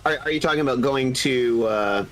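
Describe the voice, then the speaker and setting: Husky-voiced man with a cold. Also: mid-range voice, moderate pace, slight background noise, low-quality recording. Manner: chatty, explains game lore eagerly. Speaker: gaming streamer. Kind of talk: casual gaming stream chat.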